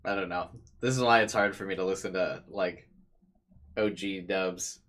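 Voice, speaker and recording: A man giving casual, jokey gameplay commentary, animated and laughing. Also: sits low, normal speed. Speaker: let's play gamer.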